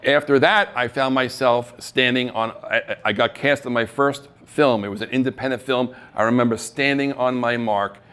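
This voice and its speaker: A man's voice: mid-range voice, moderate pace, few pauses, clean tone. A middle-aged man telling stories of his acting career on stage, acting out the voices of the people he quotes and laughing at himself. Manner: animated storyteller who acts out quoted voices and laughs at himself. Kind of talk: storytelling talk. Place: live event stage.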